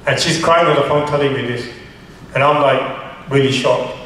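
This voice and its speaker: A man, a charity founder, recounting a story in a radio interview in an earnest, halting way with many restarts. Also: mid-range voice, steady tone, a bit bright. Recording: echoey room, far from mic, faint hiss.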